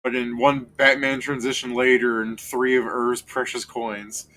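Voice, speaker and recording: Bright-voiced male game master. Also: mid-range voice, little pitch movement, a little slow. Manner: voices characters with bursts of energy. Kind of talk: narrating a tabletop game.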